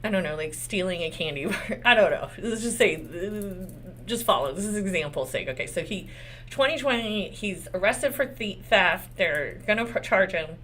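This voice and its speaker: A Texan woman lawyer talks through a case in a loose, conversational way, cursing freely and tossing out rhetorical questions. Her pitch swings a lot, and a faint hiss sits under the recording. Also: animated, moderate pace, fairly bright tone. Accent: Texas. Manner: candid, profane, rhetorical questions. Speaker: lawyer commentator. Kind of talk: casual legal commentary.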